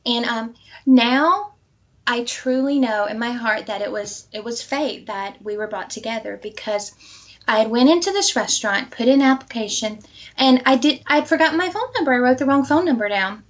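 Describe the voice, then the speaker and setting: A woman being interviewed, telling a personal story and acting out quoted dialogue with lively energy. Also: a little high, moderate pace, muffled recording. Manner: animated, acts out quoted dialogue.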